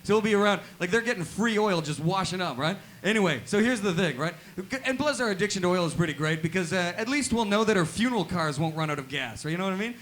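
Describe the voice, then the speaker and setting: A man performing a stand-up comedy set in a small live venue, delivering deadpan one-liners and tagging nearly every line with "right?". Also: high-pitched, fast, hardly any pauses.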